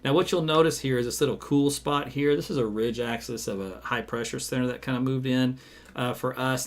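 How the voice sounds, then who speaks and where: Chatty weatherman on a livestream. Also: medium pitch. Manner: chatty and loose, many fillers, jokes with viewers. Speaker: meteorologist hosting a live weather stream. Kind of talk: casual live weather forecast.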